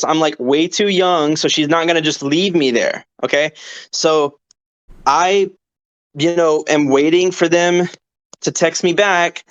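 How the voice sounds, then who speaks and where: A man's voice: a little high, fairly bright tone, clean tone. A young man co-hosting a podcast, telling a story in a rambling, casual way and checking in with his listeners as he goes. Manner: rambling, keeps checking in with "okay?". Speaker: podcast co-host. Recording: dull lo-fi audio.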